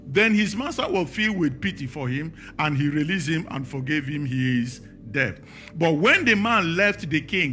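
A man's voice: a little high, bright, forceful tone. A man with a Nigerian accent preaching a sermon, emphatic and firing questions at the congregation.

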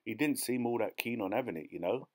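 A man voicing a coarse, suspicious male farmhand who talks bluntly and quickly. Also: mid-range voice, lightly acted.

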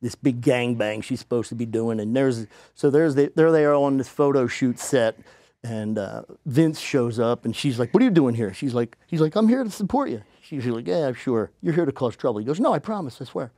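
A man, a podcast guest, telling a story casually and acting out the people he quotes in a higher voice. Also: normal speed, dark tone, no room sound, studio quality. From United States.

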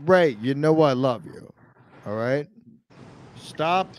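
A drunk podcast host, a man talking in a loud, pushy and repetitive way in casual chat. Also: a little high, lively intonation, slow pace, a little hiss or hum, low-quality recording.

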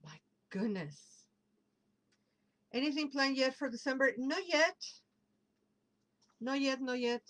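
A woman hosting a casual livestream, chatting warmly and reading out viewer comments as they come in. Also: sits high, steady tone, measured pace, long pauses, low-quality recording. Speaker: livestream host and tarot reader.

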